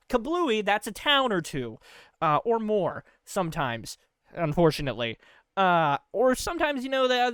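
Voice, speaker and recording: Male comedy podcast host: loose, silly rambler with a lively, swooping delivery, dead-dry recording. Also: sits high, smooth, no room sound. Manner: loose, goofy, full of filler asides; breaks into laughter mid-line. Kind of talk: rambling comic monologue.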